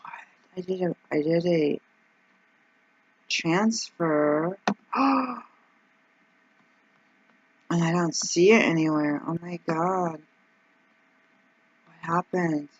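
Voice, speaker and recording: A woman vlogging casually as she works through her budget out loud, anxious and rambling, with frequent ums and exclamations. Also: lowish voice, very slow, long pauses, highs cut off. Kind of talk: casual vlog, thinking aloud over budget.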